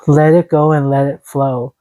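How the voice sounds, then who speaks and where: Woman tarot reader, low dark voice, soothing and encouraging, casual phone recording, dry sound. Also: fairly even intonation, slow pace, no echo, rough recording. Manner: soothing, encouraging, talks to viewers as "glowing angels". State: a little out of breath. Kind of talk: casual spoken tarot reading. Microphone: phone camera.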